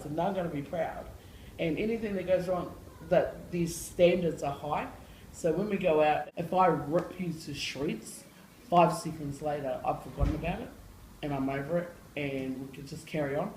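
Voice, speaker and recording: A woman's voice: low voice, normal speed, a little mellow, echoey room, slight background noise, poor audio. A woman who works with school students, answering interview questions in a blunt, slangy way and laughing often. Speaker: school staff member working with students.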